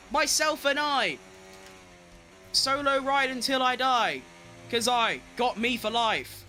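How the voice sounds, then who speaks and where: A young man giving excitable live commentary on his own racing game, talking to himself and chanting while he drives. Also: extremely high pitch, unhurried, a little hiss or hum. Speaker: gaming streamer.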